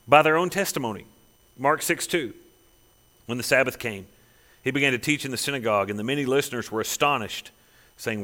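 A man's voice: fairly high pitch, pushed and bright, long reverb tail. A man preaching a sermon as a pastor, emphatic, with rhetorical questions and a repeating cadence.

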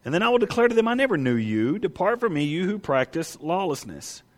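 A man's voice: high-pitched, sing-song, brisk, in a large hall. A man preaching a sermon, pressing his point with rhetorical questions and reading scripture aloud. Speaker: pastor.

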